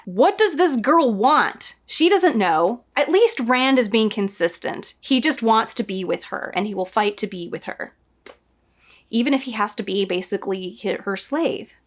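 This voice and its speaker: A woman's voice: on the high side, expressive, moderate pace. A woman casually reviewing a show against the book, sarcastic and exasperated as she reacts.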